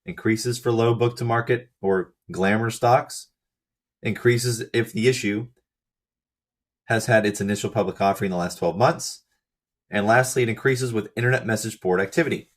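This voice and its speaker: Hoarse low-voiced man explaining research. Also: normal speed. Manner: methodical, reads out lists and figures with brief asides. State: hoarse, losing his voice. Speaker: channel host explaining research. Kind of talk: walking through slides of a research paper.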